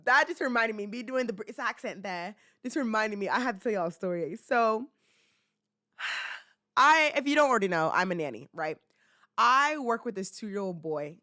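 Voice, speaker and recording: A woman's voice: mid-range voice, a bit bright, dry recording, clean studio sound. A young woman in her twenties hosting a podcast, chatting casually and rambling with fillers and laughs. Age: 20s. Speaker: podcast host. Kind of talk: casual chat.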